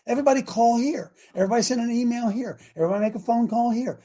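A male talk show host exhorting listeners in a fiery, preaching style, swinging from shouts to quiet asides. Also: extremely high pitch, racing.

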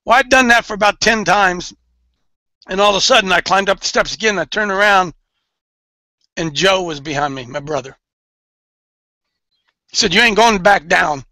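A man's voice: high voice, normal speed, pauses often, bright, forceful tone, no echo, rough recording. A man leading an informal sermon for a men's group, folksy and emphatic, repeating his key phrases for weight. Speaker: men's ministry leader.

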